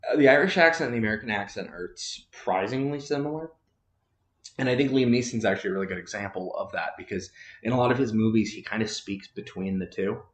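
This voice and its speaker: A man's voice: fairly low pitch, fairly bright tone, roomy sound. A man casually chatting about movies as a podcast host, rambling with many fillers and restarts.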